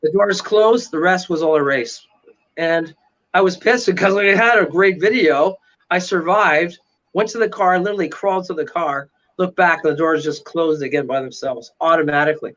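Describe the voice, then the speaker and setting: Excitable high-voiced man, dramatic storyteller, muffled lo-fi audio. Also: normal speed. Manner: excitable, dramatic retelling with frequent "right?". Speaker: paranormal investigator guest. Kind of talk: animated storytelling in casual interview.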